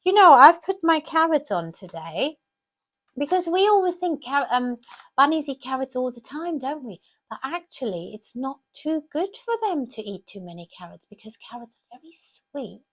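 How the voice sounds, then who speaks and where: Lively woman teaching kids crafts. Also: sits high, normal speed. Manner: warm sing-song teacher talk with lots of questions to the kids. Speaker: children's craft presenter. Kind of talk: crafts tutorial for children.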